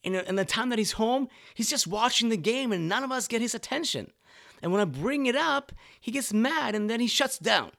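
A fed-up wife airs her grievances in a raised, exasperated voice, as a man puts her on. Her complaints pour out in a higher register than his usual speech, each one sharper than the last. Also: expressive, moderate pace, creaky, fairly bright tone, full character voice. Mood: complaining. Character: frustrated wife complaining about her husband.

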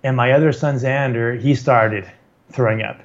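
A man's voice: medium pitch, steady tone, normal speed. A middle-aged man from California telling a personal story in a casual way, often repeating words and restarting sentences, with some self-deprecating humor. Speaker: guest telling his story. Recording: slightly dull, muffled recording.

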